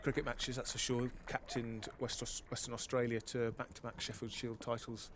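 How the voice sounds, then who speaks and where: Measured analyst voice for cricket co-commentary, mid-pitched man, light background hiss. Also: level tone. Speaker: expert co-commentator.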